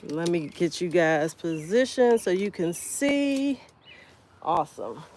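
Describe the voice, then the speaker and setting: A woman's voice: fairly low pitch, very animated, takes it slowly, darkish tone, slight background noise. A woman hosting a casual livestream outdoors in her garden, chatting with viewers by name while she harvests. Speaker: homestead livestreamer.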